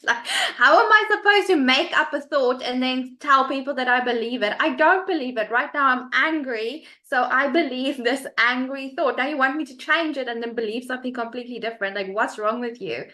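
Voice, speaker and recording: Bubbly bright-voiced woman on a video call. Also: sits high, moderate pace. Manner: enthusiastic, bubbly, laughs often, says "like" a lot. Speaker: guest on a group video call. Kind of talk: lively casual chat.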